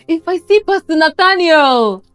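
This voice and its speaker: A woman with a Nigerian accent in casual chat, chatty and quick to agree and laugh along. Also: very high voice, expressive, a bit bright.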